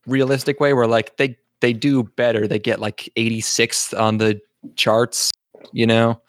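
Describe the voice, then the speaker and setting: A man's voice: mid-range voice, level tone, normal speed, no echo, clean studio sound. A man co-hosting a podcast in casual chat, loose and rambling, laughing often. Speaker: podcast co-host.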